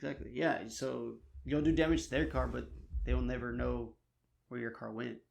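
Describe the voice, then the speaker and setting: A man's voice: medium pitch, flat delivery, normal speed, creaky, a little mellow. A man in his twenties co-hosting a podcast, laid-back and swearing freely. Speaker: podcast co-host. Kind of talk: casual chat.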